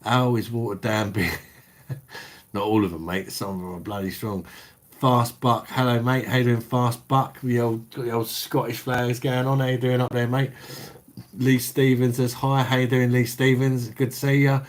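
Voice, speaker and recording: A middle-aged beer review livestream host from London in South East England, with a Cockney and Kentish accent, chats casually and reads out viewer comments in a matey, sweary manner. His voice is mid-range, his delivery flat, his speed normal.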